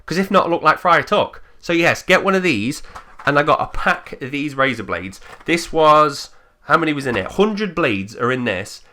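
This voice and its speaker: A man's voice: fairly high pitch, very animated, normal speed, pushed and bright. Blunt, sweary man ranting. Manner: blunt and sweary, mocking impressions of others. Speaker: channel host. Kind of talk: opinionated rant to camera.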